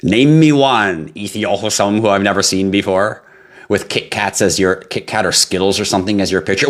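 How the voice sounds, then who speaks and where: On a crypto livestream, a man with a low, fairly bright voice talks fairly fast in a blunt, casual rant. He swears freely and squeals when mocking panicky scam victims.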